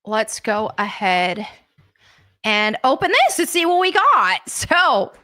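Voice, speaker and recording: American woman streamer, high and bright, gushy excited unboxing chat at a desk mic. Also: slow pace. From United States. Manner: excitable and gushing, with gasps and laughs.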